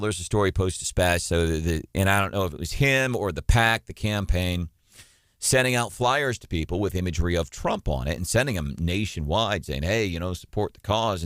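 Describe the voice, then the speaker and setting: A man's voice: low-pitched, dry recording, studio quality. A man hosting a morning radio talk show, chatting casually and telling stories with lots of filler words.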